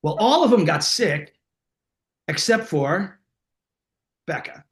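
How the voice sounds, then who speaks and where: Animated storytelling man, echoey room. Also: high voice, slow. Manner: animated, acts out voices in his stories. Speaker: host. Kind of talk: casual storytelling to a live online audience.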